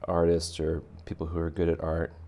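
A man's voice: very deep voice, completely flat delivery, a little fast, vocal fry, mellow. A man giving a playful, chatty step-by-step drawing lesson for kids. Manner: playful, chatty, talks to children directly. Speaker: art teacher.

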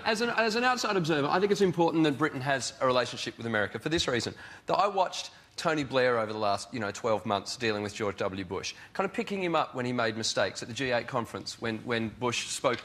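A man on a comedy panel show telling wry anecdotes and quoting people in a deadpan voice. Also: medium pitch. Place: TV studio with live audience.

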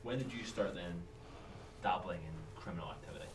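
Male interviewer, fast, deep voice, off-mic and noisy recording. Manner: quick, probing questions. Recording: faint, distant off-mic voice with noise.

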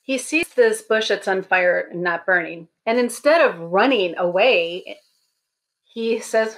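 Brief: woman speaker at a graduation service, relaxed and chatty sermon delivery. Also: mid-range voice, unhurried. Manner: conversational, humorous storytelling. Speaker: speaker at a college baccalaureate service.

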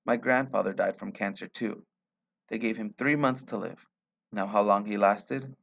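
A man's voice: on the low side, moderate pace, creaky, a bit bright. A man reading the part of a blunt, teasing young man working at a colony.

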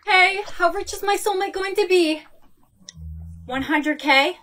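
A woman's voice: very high-pitched, a little slow, a bit bright, a little hiss or hum. A young woman acting in a scripted comedy skit, with exaggerated, dramatic delivery. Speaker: skit creator playing the lead.

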